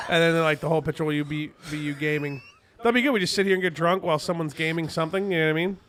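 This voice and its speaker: A man's voice: a little high, quick pace, fairly bright tone, a little hiss or hum. A young man co-hosting a podcast, rambling through casual, crude banter over drinks. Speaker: podcast co-host.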